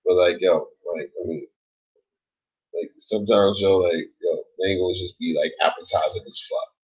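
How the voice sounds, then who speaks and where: Husky, laid-back man on a lo-fi stream. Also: sits low, steady tone, normal speed. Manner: laid-back, rambling, swears a lot, says like and yo often. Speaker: livestream host reading chat. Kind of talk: late-night casual livestream chat.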